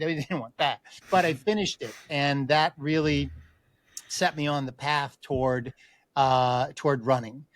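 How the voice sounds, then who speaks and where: A middle-aged man, a podcast guest, telling a personal story in an animated way, acting out other people's voices and often restarting his sentences. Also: a little high, no room sound. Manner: acts out quoted voices, frequent restarts.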